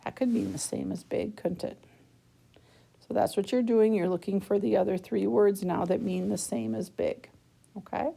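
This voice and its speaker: Gravelly-voiced woman teacher explaining a worksheet. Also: mid-range voice, steady tone, moderate pace, warm tone. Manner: patient, checks in with frequent "okay?"; talks students through each step of the task. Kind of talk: worksheet lesson recorded for students.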